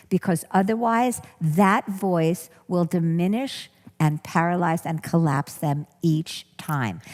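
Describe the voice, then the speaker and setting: A woman's voice: medium pitch, a little mellow. A woman giving a talk as a workshop teacher. She speaks earnestly and keeps rephrasing and repeating herself for emphasis. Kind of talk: talk to an audience. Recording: long hall reverb.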